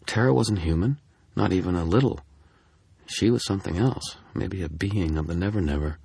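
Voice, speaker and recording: A man narrating a first-person audiobook in a steady, dry storytelling manner. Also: low voice, moderate pace, vocal fry, slightly rough, no echo.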